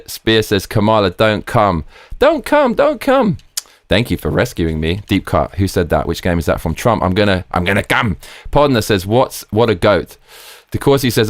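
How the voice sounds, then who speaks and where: A man's voice: on the low side, no echo, studio quality. Fired-up man reading stream chat. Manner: excited, profane, reads viewer comments aloud. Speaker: live stream host.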